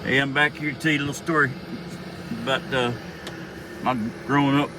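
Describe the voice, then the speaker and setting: A man's voice: medium pitch, flat delivery, a little fast, noisy background. A middle-aged man telling a childhood story in a casual, rambling, profane way with many restarts.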